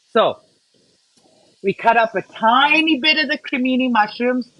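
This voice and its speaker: A woman's voice: high voice, a little slow, pauses often, pushed and bright, poor audio. A woman from Canada hosting a casual cooking livestream, chatting and greeting viewers by name while she cooks. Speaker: cooking show host.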